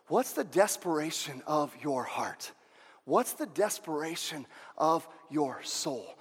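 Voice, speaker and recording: Male pastor, high voice, fervent repetitive sermon delivery, recorded with long church-hall reverb. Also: expressive, a little slow, a bit bright, husky. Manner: fervent, repeats phrases for emphasis. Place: church sanctuary.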